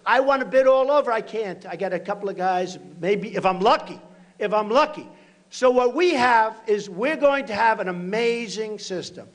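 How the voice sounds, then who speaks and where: A man in his sixties giving a campaign rally speech at a podium, repeating short punchy phrases and breaking into shouts. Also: sits high. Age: 60s. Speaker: political candidate at a rally. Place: large rally venue.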